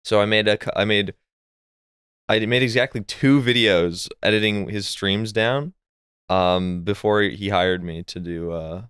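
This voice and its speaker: Young man with a smooth low voice. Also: fairly bright tone, dry recording, studio quality. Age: young adult. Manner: hesitant, restarts often, quick laughs. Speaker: video editor guest. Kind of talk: casual podcast chat.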